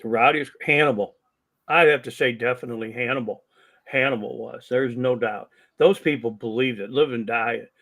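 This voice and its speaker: An older man, a longtime wrestling promoter and ring announcer, is a guest on a casual podcast, telling anecdotes at a normal speed in a medium-pitched voice. He's an animated storyteller who acts out the quoted dialogue as he goes.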